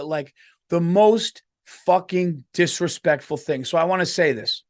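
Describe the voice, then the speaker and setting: Indignant, profane podcast host ranting. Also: male voice, on the high side, measured pace. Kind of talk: comedic rant.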